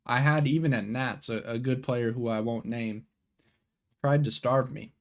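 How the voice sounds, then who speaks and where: Gravelly young man chatting on stream. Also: medium pitch, fairly even intonation, unhurried. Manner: slangy and hyped, reading viewer questions aloud and answering them. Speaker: streamer hosting a card game watch party. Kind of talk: casual live-stream chat.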